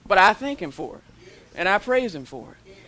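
A woman preaching a sermon in a church, leading the congregation in call-and-response and building to shouts. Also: medium pitch, sing-song, normal speed. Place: church sanctuary.

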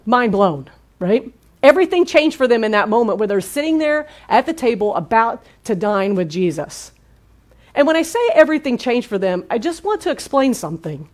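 A woman preaching in a relaxed, conversational way. She keeps checking in with the room through quick questions. Her delivery stays lively and engaged. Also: a little high. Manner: lively, asks the audience questions. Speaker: pastor. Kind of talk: conversational sermon.

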